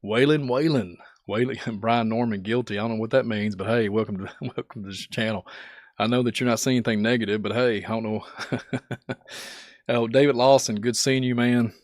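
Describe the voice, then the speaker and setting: Hoarse man chatting on a livestream. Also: on the low side, fairly even intonation, fairly quick, no room sound, studio quality. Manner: laughs often, greets chat by name. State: sore throat, voice going out. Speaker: livestream host. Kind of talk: casual livestream chat.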